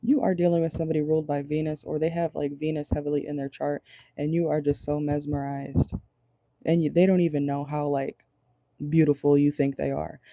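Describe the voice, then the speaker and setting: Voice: medium pitch, level tone, fairly quick, dark tone, dry recording. Blunt, profane tarot reader in a car. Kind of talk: casual channeled tarot reading. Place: parked car.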